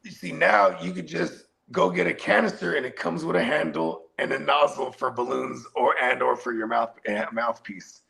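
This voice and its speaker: Gravelly Bay man hosting a podcast. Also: medium pitch, lively intonation, normal speed, few pauses, pushed and bright. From San Francisco Bay Area. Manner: loose, profane, rambling with many fillers. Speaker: podcast host. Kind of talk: casual podcast chat.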